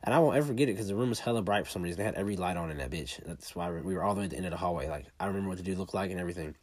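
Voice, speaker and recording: A man telling a personal story in a blunt, profane, fast-talking way. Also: sits low, darkish tone, husky, no echo.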